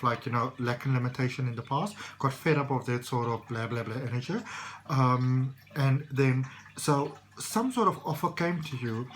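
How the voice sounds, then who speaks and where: A man's voice: medium pitch, a bit bright, a little hiss or hum, low-quality recording. A man giving a casual tarot reading, rambling and reassuring with many fillers. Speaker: tarot reader.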